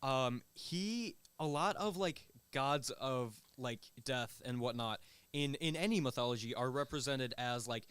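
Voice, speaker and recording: A young man with a smooth, clear voice of middle pitch guests on a radio show and explains eagerly in a rambling way, full of "like" and "um". The sound is close and dry. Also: a little slow, fairly bright tone, no echo. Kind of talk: casual chat. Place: radio studio.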